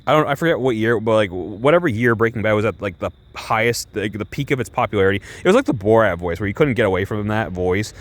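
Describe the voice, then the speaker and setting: A young man with a lowish voice casually reviews TV shows, talking fast with hardly any pauses. He's chatty and rambling, leans heavily on "like," keeps restarting his sentences, and tosses in laughing asides.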